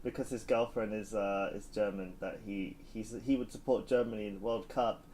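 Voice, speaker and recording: A man's voice: fairly low pitch, steady tone, moderate pace, a little mellow, slight background noise, poor audio. A young man hosting a gaming podcast, chatting casually with lots of restarts and laughter. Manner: rambling, laughs often, many restarts. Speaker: podcast host. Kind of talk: casual chat.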